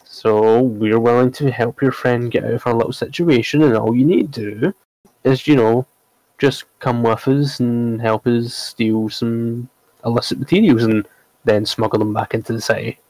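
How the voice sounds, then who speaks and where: A man's voice: mid-range voice, steady tone, normal speed, a little mellow, no room sound, natural voice, low-quality recording. A man voicing a brash, bossy female pirate pony with a pushy, mocking manner. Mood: coaxing.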